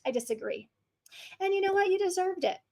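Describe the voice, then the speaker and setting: A woman's voice: very high-pitched, expressive, fairly quick, a little mellow, voice pushed up. A woman mimicking a snide, know-it-all female online troll in a smug, mocking sing-song.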